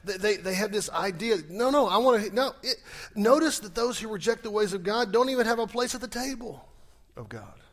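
A middle-aged male pastor preaching a conversational sermon, asking rhetorical questions and swinging between raised emphasis and quiet, trailing phrase endings. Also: sits high, expressive, a little fast.

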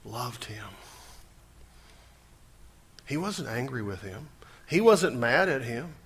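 A male pastor preaching a sermon, swinging between loud emphasis and hushed, intense moments. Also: medium pitch, very animated, takes it slowly, slight background noise.

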